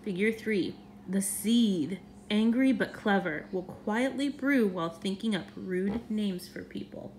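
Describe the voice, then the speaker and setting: Woman reading a kids picture book out loud, really slow, expressive. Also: mid-range voice, a little hiss or hum. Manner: expressive, animated. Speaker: storyteller. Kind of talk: children's storybook read-aloud.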